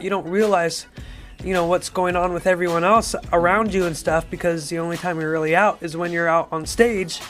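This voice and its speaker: A man's voice: on the high side, a bit bright. A young man, a singer guest in a casual radio interview, rambling and giggly with many filler words. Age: young adult.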